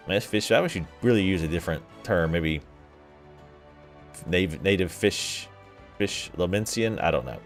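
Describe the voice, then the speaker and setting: A fairly low-voiced man plays through a game and reads its dialogue aloud, with a lively, swooping delivery. He keeps cutting in with sarcastic, profane remarks, and faint game music plays underneath. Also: moderate pace. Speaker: let's play gamer. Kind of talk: gameplay commentary, reading game dialogue aloud.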